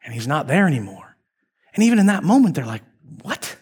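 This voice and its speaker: A male pastor preaching a sermon, retelling a story in a lively, conversational way. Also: a little high, quick pace, husky.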